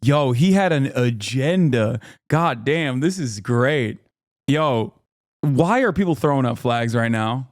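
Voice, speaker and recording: A man in his thirties streaming a reaction, talking casually and excitedly with laughs and quick bursts of exclamation. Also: mid-range voice, no room sound, clean studio sound. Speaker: streamer reacting to a debate video.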